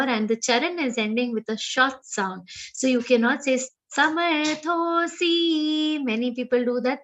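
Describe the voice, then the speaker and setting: High-voiced Indian woman teaching recitation. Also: muffled recording, slight background noise. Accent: Indian English. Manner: chants verses slowly, then explains pronunciation briskly. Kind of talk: online pronunciation class. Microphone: video call.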